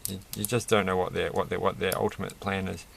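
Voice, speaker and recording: A man's voice: low-pitched, flat delivery, fast talker, creaky, a little hiss or hum. A man rambling through a toy build with self-mocking, off-the-cuff commentary, laughing at his own jokes. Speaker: toy reviewer building a set.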